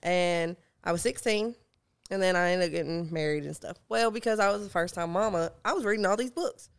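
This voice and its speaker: A woman, telling funny stories as a guest in a casual chat, growing animated as she retells them. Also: brisk, clear, resonant tone. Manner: animated, rises high when retelling her own shouting.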